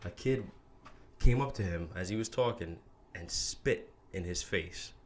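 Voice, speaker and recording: Deep-voiced man in earnest casual chat. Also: slight background noise. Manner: earnest, measured, with casual swearing. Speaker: podcast guest.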